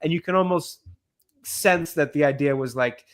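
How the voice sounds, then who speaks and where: A man's voice: fairly high pitch, normal speed. A man from the Boston area chatting casually as a film podcast co-host, rambling with plenty of fillers. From Boston area, United States. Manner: rambling, filler-heavy, easygoing. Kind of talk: casual film review chat.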